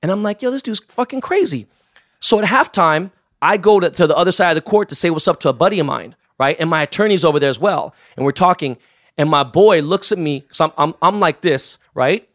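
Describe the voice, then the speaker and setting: A man's voice: on the high side, fairly quick, a bit bright. A man from Los Angeles telling wild, profanity-laced anecdotes in casual chat, acting out the people he quotes. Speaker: guest.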